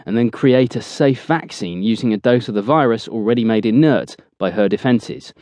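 A man's voice: mid-range voice, moderate pace, dry recording, voice pushed up, close to an everyday voice. A man voicing a level-headed male squad leader who reasons things out in a weary tone. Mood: pondering. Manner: weary, thinking out loud.

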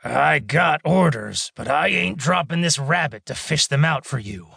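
Gravelly, growling male wolf-alien tough guy, read by a male narrator, streetwise and pushy. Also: a little high, animated, a little slow, sharp tone, no echo, clean studio sound, heavily acted. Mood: blustering. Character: gruff male wolfish alien smuggler.

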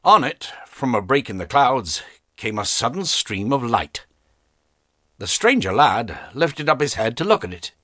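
An audiobook narrator with a mid-range voice reads an unabridged classic novel aloud in a measured, expressive storytelling manner. The scripted narration is recorded in dry, close studio sound with no room sound.

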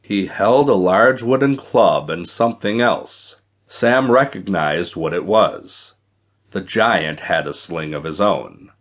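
A man narrating an audiobook adventure in scripted, expressive storytelling. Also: deep voice, slow.

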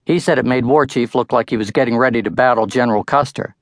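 A man's voice: medium pitch, fast, no echo. An older man narrating his own book in a wry first-person storytelling manner, close to the mic. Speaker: author-narrator. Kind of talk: audiobook narration.

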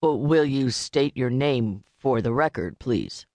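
A woman voicing a male prosecutor with a parched voice who speaks slowly and clearly, sounding vaguely uncertain. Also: a bass voice, lively intonation, darkish tone, no room sound, heavily acted. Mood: careful. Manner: slow, clear, faintly uncertain. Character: male prosecutor, vaguely confused, slow and careful.

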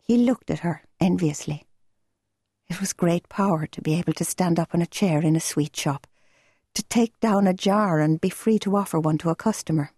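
A woman narrating an audiobook in a measured, gentle storytelling manner. Her voice is on the low side, mellow and warm with a soft husky grain. It is recorded close and dry, with no room sound. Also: dry recording. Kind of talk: scripted narration.

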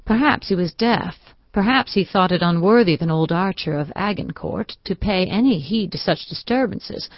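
Woman narrator, classic novel, measured reading, slightly dull, dry recording. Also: on the low side, creaky, no room sound. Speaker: audiobook narrator.

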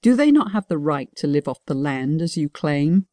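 A proud dragon elder who sneers at the king, as a woman narrator voices him. The tone is mellow and the recording is dry and close. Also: sits low, big pitch swings, normal speed, no room sound. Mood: scornful. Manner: accusing, challenging.

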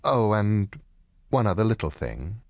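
A man reading an audiobook and voicing a cool, determined woman client, husky and lowered. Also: very animated, unhurried, no room sound, clean studio sound, full character voice. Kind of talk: audiobook character voice.

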